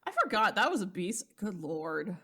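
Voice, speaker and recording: A woman's voice: lowish voice, sing-song, moderate pace, sharp tone, breathy edge. A woman co-hosting a podcast in casual chat, blunt and exasperated, swearing freely. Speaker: podcast co-host.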